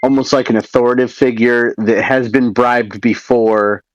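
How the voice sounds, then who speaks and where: A man's voice: medium pitch, fairly even intonation, moderate pace, muffled recording. A man taking part as a player in a casual tabletop role-playing game, talking in an easygoing way.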